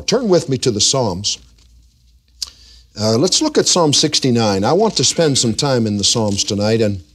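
A man preaching a sermon, dropping to quiet appeals, then rising to loud, high exhortation and slow, drawn-out scripture reading. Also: slightly rough. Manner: reads scripture aloud in slow, drawn-out phrases.

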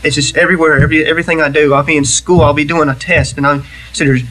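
A man giving a personal testimony in church, earnest and halting, with many restarts. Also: fairly high pitch, fairly even intonation, pushed and bright, low-quality recording.

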